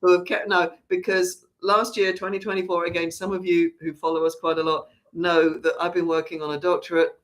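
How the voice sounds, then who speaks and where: A woman's voice: fairly low pitch, little pitch movement, fairly quick, few pauses. A woman who runs a theatre company, chatting casually through an announcement with lots of restarts. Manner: chatty, rambling, with frequent restarts. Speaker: artistic director of a theatre company.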